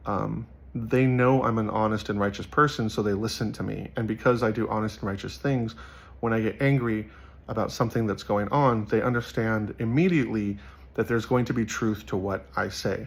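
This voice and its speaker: A man's voice: on the low side, fairly even intonation, normal speed, creaky. A young man giving casual, earnest commentary on Bible verses, rambling with many fillers. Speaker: Bible study vlogger.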